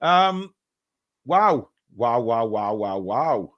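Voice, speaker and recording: A man's voice: mid-range voice, sing-song, drawn-out words, a bit bright, highs cut off. A man hosting a fan live stream. He reads out donations in casual, joking chat full of fillers. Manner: rambling, joking, many fillers.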